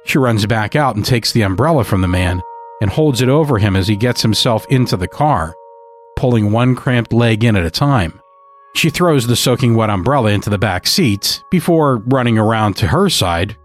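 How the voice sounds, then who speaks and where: A man narrating a dark story in a measured, scripted storytelling manner. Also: fairly low pitch, animated, soft background music.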